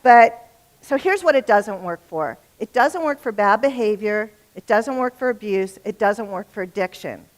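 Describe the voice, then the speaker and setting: A woman's voice: mid-range voice, lively intonation, normal speed. A middle-aged woman giving a talk on relationships to a live audience. She is chatty and humorous and often turns to the room with questions. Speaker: relationship speaker.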